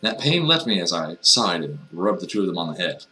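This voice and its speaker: Deep, bright-toned man joking through a game. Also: very animated, fairly quick, a little hiss or hum. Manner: wry, mocking, jokey. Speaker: let's player reading a visual novel aloud. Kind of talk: comedic reading with sarcastic asides.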